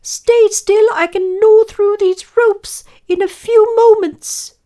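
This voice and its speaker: A woman voicing a tiny, timid male mouse who squeaks and stammers politely. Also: fairly even intonation, slow, dark tone. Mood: eager.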